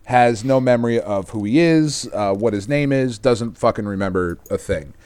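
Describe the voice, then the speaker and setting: A man's voice: medium pitch, expressive, moderate pace, a little mellow, clear, resonant tone, no echo. Podcast host, Texas-raised man, profane rambling recap, dry close sound. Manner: loose, profane, rambling storytelling with laughs. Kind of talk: casual chat.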